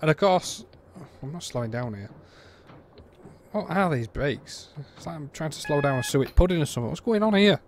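A man's voice: on the high side, expressive, moderate pace, slight background noise. A British man giving a casual, blunt and exasperated game review, rambling with frequent restarts.

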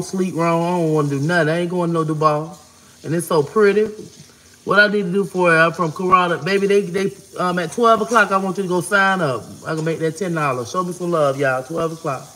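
A woman hosting a casual livestream, talking fast and giving shout-outs to viewers as she reads their comments. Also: on the low side.

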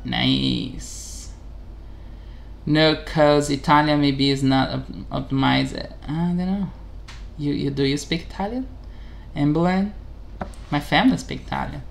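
A man hosting a casual vlog, talking haltingly in English, correcting himself and chuckling as he practices a new language. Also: on the high side, steady tone, vocal fry. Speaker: channel host.

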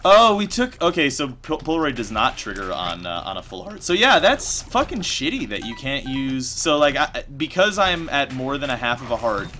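A male streamer talks through his game in a loose, excitable way, swearing freely when things go wrong. His pitch is lively and wide-ranging. His tone is bright and forward. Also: moderate pace, few pauses, soft background music. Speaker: streamer playing a video game. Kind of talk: casual game commentary.

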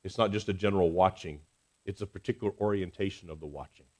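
A man preaching a Sunday sermon in a church, earnest and expressive, swinging between emphatic rises and soft, quiet drops. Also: deep voice, fast. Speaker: pastor. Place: church sanctuary.

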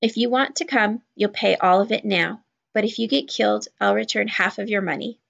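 A woman's voice: medium pitch, fairly quick, creaky, highs cut off. A woman voicing a cold, commanding male smuggler in a storybook read-aloud, giving blunt, threatening orders. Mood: curt.

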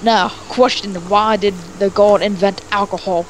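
Guy doing a loud crude drunk scottish dad, bossy, bad jokes, noisy mic. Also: high voice, fairly even intonation, measured pace. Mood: rowdy. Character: rowdy drunk Scottish dad, middle-aged man. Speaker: game player. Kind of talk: improvised game role-play.

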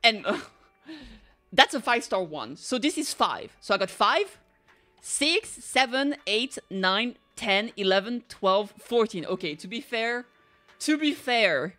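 A young woman streamer reacting loudly to game pulls, talking to the screen and shouting when things go wrong. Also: a little high, takes it slowly. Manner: excitable, yells at the game. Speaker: gaming streamer.

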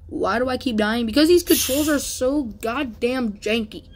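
A woman's voice: sits high, moderate pace, a little mellow, soft background music. A woman giving casual let's play commentary, exasperated and exclaiming as she complains about the game's controls. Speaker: gamer.

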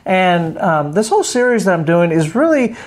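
A middle-aged man, a pastor hosting a morning devotional radio show, talking in a cheerful, energetic, preacherly way. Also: sits high, normal speed. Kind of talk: upbeat devotional radio chat.

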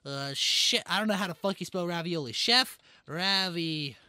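A man plays a boastful Italian chef who rambles through endless lists of pasta, pizza and spices in a thick put-on Italian-American accent, proud of every dish. The voice sits rather high and sounds dry and close. It is comedy improv over a video chat. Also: moderate pace, bright, forceful tone, clear, resonant tone, no echo. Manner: rambles through food lists, pleased with himself.

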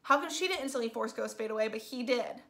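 A woman giving a casual spoiler movie review, gushing and excitable, with "like" in nearly every sentence. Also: on the high side, fast talker. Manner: gushing, excitable, says "like" constantly.

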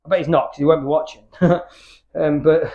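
A man's voice: on the high side, steady tone, brisk, mellow, highs cut off. A British man chatting candidly between workout sets in his home gym, rambling and swearing freely. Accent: British English. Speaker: fitness YouTuber.

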